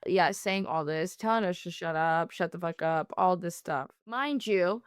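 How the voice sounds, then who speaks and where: Smooth-voiced woman, blunt and chatty. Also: on the low side, no room sound, clean studio sound. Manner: blunt, quick retelling with "like" fillers. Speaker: co-host. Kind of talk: casual storytelling chat.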